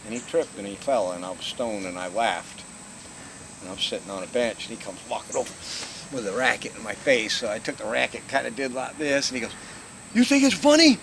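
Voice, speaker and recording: Older male storyteller, low voice, easygoing and foul-mouthed, recorded outdoors at night. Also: steady tone, brisk, gravelly. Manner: laid-back, profane, laughs often. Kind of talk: casual storytelling. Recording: noisy outdoor recording with crickets.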